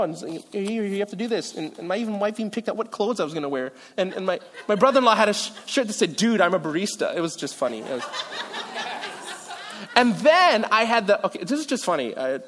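Pastor, male, high voice, relaxed and jokey sermon delivery, large reverberant hall. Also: a little hiss or hum. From Philippines. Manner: casual, joking, self-deprecating asides.

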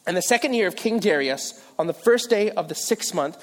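A man's voice: high voice, expressive, fairly quick. A male pastor preaching a sermon in a casual, joking way, with self-deprecating asides. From Philippines. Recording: long reverb of a large hall.

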